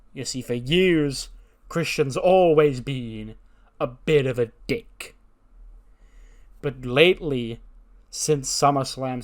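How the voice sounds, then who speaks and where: A man voicing a composed male wrestler who speaks slowly and formally. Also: mid-range voice, natural voice. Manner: slow, deliberate, formal speech.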